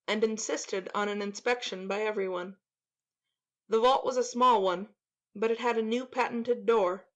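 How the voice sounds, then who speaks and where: A woman narrating a classic story in a measured, expressive dramatic reading. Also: on the high side. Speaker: audiobook narrator.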